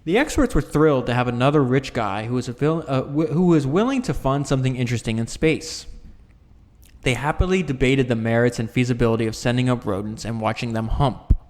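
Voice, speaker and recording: A man's voice: mid-range voice, brisk, darkish tone. Man reading aloud in an echoey room. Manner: stumbles and restarts mid-sentence, corrects himself. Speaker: book reader and commentator. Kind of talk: reading a nonfiction book aloud with casual asides. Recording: long reverberant room echo.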